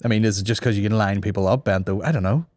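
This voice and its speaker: A man's voice: on the low side, very fast, darkish tone, no echo. Man ranting crudely on a podcast, dry sound. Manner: profane, joking, laughs at own jokes. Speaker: podcast host. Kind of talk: crude comedic rant.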